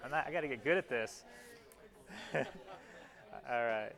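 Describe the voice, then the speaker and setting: A male anatomy teacher walks his class through slides, pointing out parts in an informal, talkative way and often starting phrases over. His mid-range voice is animated, unhurried and a bit bright.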